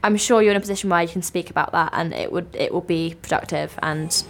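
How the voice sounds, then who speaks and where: A woman's voice: on the low side, slight background noise. Chatty young woman co-host. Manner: chatty, teasing, quick asides. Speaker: podcast co-host. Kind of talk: casual chat.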